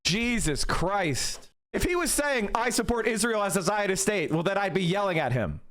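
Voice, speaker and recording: High-voiced man in a heated rant. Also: animated, normal speed, a bit bright. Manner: heated, profane, berating his viewers. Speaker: political streamer. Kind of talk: live-stream commentary rant.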